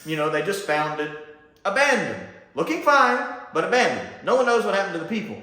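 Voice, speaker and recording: A man from Mississippi chatting casually as he reviews a show, lively and laughing often. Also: high-pitched, fairly quick. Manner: animated and chatty, laughs often, does mocking voices. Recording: echoey room.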